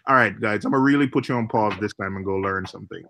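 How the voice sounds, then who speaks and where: A man's voice: on the low side, fast, noisy background. A man hosting a casual group livestream chat. He laughs easily and trails off and restarts mid-sentence. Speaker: livestream host.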